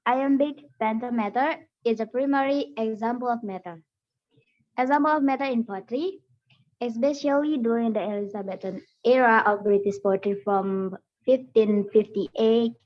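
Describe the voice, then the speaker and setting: A woman's voice: on the high side, measured pace. A young woman student whose first language is Indonesian, reading a class presentation steadily from notes. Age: young adult. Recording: dull lo-fi recording.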